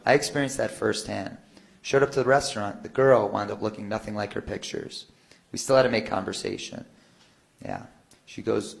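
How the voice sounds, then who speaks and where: A man, a stand-up comedian, telling a dating story with deadpan delivery. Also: fairly low pitch, normal speed, creaky.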